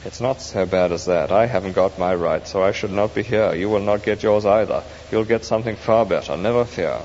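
A man voicing a calm, patient male spirit who reassures softly, recorded in an echoey hall with faint hiss. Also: deep voice, normal speed, highs cut off, voice pushed down, natural voice. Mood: gentle. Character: calm gentle male spirit at heaven's gates.

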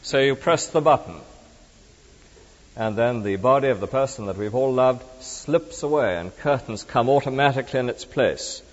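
Preacher guy, really lively up-and-down delivery, dull lo-fi sound with long hall echo. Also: medium pitch, moderate pace. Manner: animated, conversational, swings between emphatic and hushed. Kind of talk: sermon. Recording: dull reverberant hall recording.

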